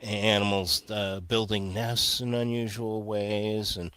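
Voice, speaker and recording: A very deep-voiced man talks through his ideas in a measured, explanatory way and sometimes stops to restart a thought. The sound is dry and close, with no room in it. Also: level tone, fairly bright tone, clear, resonant tone, no echo. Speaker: guest, earth energy researcher. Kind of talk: casual interview talk.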